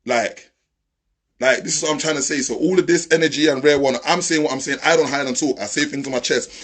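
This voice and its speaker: A man's voice: fairly high pitch, fast talker, a bit bright, husky. A man ranting confrontationally on a live stream, repeating himself and swearing. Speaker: social media live host. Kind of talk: heated live-stream rant.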